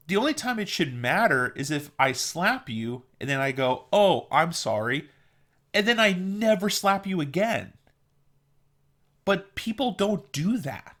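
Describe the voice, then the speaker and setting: A man's voice: medium pitch, a bit bright. Male vlogger, mid-range voice, earnest and opinionated casual monologue.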